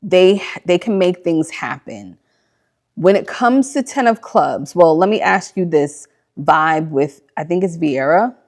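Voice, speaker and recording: A woman's voice: fairly low pitch, lively intonation, measured pace, a little mellow. A woman hosting a casual spiritual livestream, answering viewer questions in a bubbly, gushing way with many likes and ums, on a computer mic. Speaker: host of live spiritual Q&A stream.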